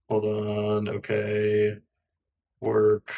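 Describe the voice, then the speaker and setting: A man playing a tabletop game, talking in halting bursts with many restarts. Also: lowish voice, monotone, gravelly, slightly rough. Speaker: player. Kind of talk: casual tabletop role-play.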